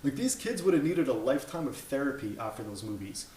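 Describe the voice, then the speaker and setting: A man in his thirties rants through an opinionated movie review, blunt and exasperated, swearing and stumbling over his words. His mid-range voice swings widely in pitch, he talks fast with a dark tone, and the room is echoey.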